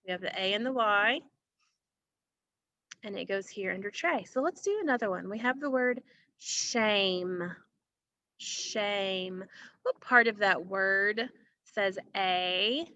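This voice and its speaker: A woman teaching an online phonics lesson, slowly stretching out vowel sounds and talking straight to her students. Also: mid-range voice, pushed and bright, no room sound, lo-fi sound. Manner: slow, drawn-out modeling of vowel sounds, addressing students directly.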